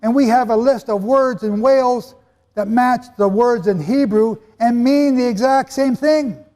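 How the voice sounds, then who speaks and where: A man preaching a sermon in a hall with an audience, animated and conversational, with asides to his listeners. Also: very high voice, unhurried. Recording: long hall reverb.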